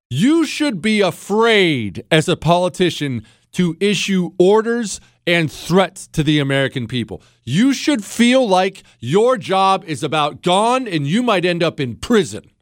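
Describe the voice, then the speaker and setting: An indignant man rants through political commentary, firing off rhetorical question after rhetorical question. His voice sits high and leaps about with energy. The sound is dry and close, with no room around it. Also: dry recording. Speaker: podcast host.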